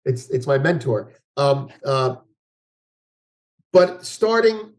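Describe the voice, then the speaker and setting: Male guest analyst, conversational, mid-pitched, rambling with restarts. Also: expressive, takes it slowly. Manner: rambling with many restarts and fillers. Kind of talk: conversational interview.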